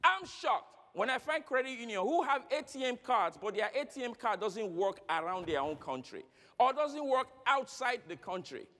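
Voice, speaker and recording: A man's voice: extremely high pitch, normal speed. A man giving a motivational keynote speech at a conference, telling stories with acted dialogue and questioning the audience. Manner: animated, storytelling with acted dialogue. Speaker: keynote speaker. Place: large conference hall. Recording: long reverb of a large hall.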